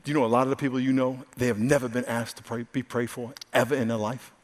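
A male pastor preaching a sermon, swinging from loud exclamations to hushed, earnest asides. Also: medium pitch, little pitch movement, fast talker. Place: large church hall. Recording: live sermon with hall reverb and faint music.

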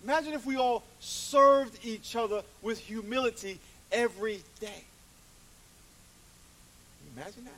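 A middle-aged man preaching a sermon as pastor, animated, with congregation call-outs. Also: high-pitched, normal speed, pauses often. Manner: animated, acts out voices, calls for congregation responses. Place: church hall. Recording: distant mic with faint hiss.

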